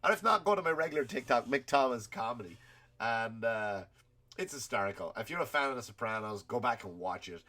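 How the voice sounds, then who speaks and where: A man's voice: medium pitch, animated, fairly quick, sharp tone. A man hosting a comedy podcast, ranting in a rambling, profane way and laughing at his own stories while he has a cold. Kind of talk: comedic rant.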